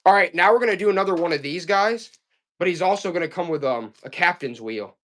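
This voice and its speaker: A man running a live online sale, talking straight to his viewers in a loose, repetitive pitch. His voice sits a little high for a man, and he keeps the patter rolling with quick asides and hype. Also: animated, fairly bright tone. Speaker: live auction seller. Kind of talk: live-stream sales pitch.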